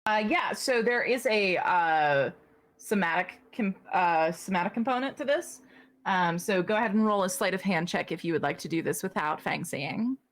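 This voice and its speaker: A woman running a tabletop role-playing game as game master, narrating scenes in an animated way and laughing often. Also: mid-range voice, normal speed.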